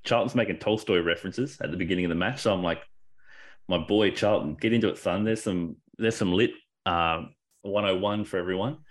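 A man with a low voice in loose, excited conversation. He rambles, breaks off and restarts his sentences, and swears casually as he gets carried along. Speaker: podcast co-host. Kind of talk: casual wrestling discussion.

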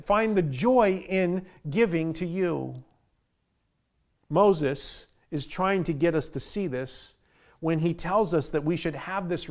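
A man's voice: high-pitched, a little mellow. A man preaching a sermon as pastor, earnest and often repeating the first word of a phrase. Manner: earnest, repeats words when starting phrases.

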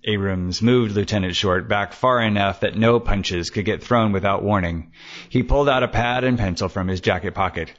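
A man narrating a serial detective story, measured and steady with casual asides. His low voice comes through a dull, lo-fi recording. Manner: measured, then chatty asides. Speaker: podcast storyteller.

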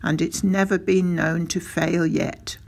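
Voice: mid-range voice, little pitch movement, measured pace, gravelly, a little mellow. A reader doing a sly, proud country father. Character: proud, sly rural father, filling-station owner.

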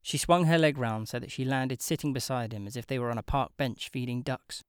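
Audiobook narrator, measured, wry, mid pitch, dry close recording. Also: clean tone, no room sound. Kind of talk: scripted narration.

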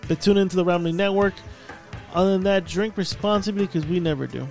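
A man with a high voice hosts a loose podcast chat, crude and laughing often. Faint music runs behind him. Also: a little fast, gravelly, darkish tone. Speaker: podcast host. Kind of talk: casual banter.

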